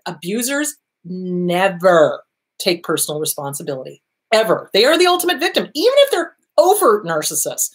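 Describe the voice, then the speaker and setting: A woman hosting a talk show, giving casual therapy advice and acting out inner voices and quotes. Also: medium pitch.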